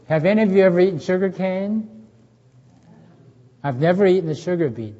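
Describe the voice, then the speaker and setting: A man's voice: sits high, lively intonation, measured pace, dark tone. A middle-aged man giving a health seminar at a church, chatty and folksy, quizzing the audience and telling jokes. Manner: folksy, asks the audience questions, tells jokes. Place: church hall with a live audience. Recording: dull lo-fi recording in a reverberant hall.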